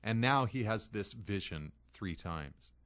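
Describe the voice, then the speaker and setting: A man's voice: fairly low pitch, lively intonation, slow pace, fairly bright tone. A man preaching an expository sermon, reading scripture aloud and then explaining it in an earnest way, leaning hard on key phrases. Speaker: pastor.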